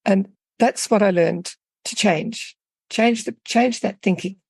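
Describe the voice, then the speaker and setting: A woman coach speaking as an interview guest, thoughtful and unhurried, telling stories with small restarts. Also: mid-range voice, vocal fry, a little mellow, breathy edge, dry recording. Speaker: guest, coach for women in midlife. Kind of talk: reflective interview talk with storytelling.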